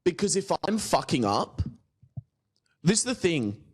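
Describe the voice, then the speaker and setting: A man's voice: a little high, a little slow, husky. Aussie comedian guy ranting on a podcast, swears a lot, voice jumps up and down all over. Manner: animated, swearing, storytelling with acted-out quotes. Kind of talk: casual podcast chat.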